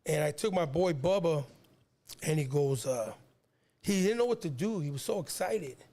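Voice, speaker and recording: A man's voice: on the high side, animated, normal speed, warm tone. A man in his fifties from San Diego, a rapper guest telling a long personal story in a rambling, slangy way, often repeating words. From San Diego, California. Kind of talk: casual storytelling.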